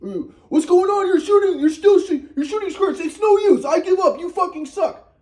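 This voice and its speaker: A man voicing his exasperated, angry father in a high mocking tone. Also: moderate pace, a little mellow.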